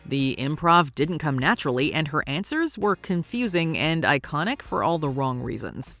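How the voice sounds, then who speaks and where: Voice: mid-range voice, normal speed, soft background music. Wry voice narrating a countdown video. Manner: wry, lively commentary. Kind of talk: scripted narration.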